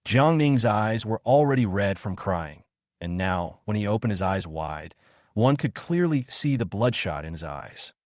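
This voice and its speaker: A man narrating a scripted drama story in a steady storytelling manner. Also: fairly low pitch, measured pace, dry recording, clean studio sound.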